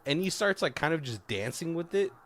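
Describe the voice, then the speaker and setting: Lively, laughing male podcast host. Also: fairly high pitch, fairly quick. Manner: profane, laughing, retells scenes doing quoted lines. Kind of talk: casual movie review chat.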